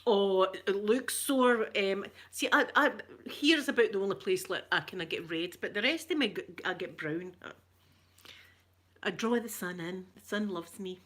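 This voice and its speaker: A middle-aged Glaswegian woman from Scotland chats casually with her live stream viewers, greeting them by name and laughing often. Her voice is mid-range and fairly bright, at a normal speed.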